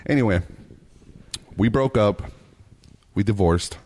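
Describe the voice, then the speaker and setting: A man with a fairly low voice hosts a casual podcast chat. He tells a long story loosely and swears freely. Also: slow, darkish tone. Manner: profane storytelling.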